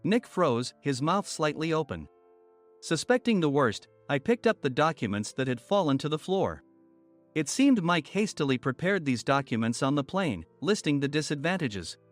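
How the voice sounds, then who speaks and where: A man narrating a first-person workplace story in an even storytelling manner. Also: on the high side, normal speed. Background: faint music.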